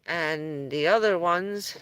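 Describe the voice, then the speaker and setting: A woman's voice: on the low side, takes it slowly, fairly bright tone, clear, resonant tone. A woman chatting casually on a live stream, telling rambling stories and chuckling often between phrases.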